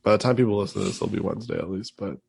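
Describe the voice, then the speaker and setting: A man's voice: fairly low pitch, sing-song, very fast, gravelly, darkish tone, slightly rough. A young man co-hosting a podcast in loose, casual chat, swearing freely and laughing often. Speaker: podcast co-host.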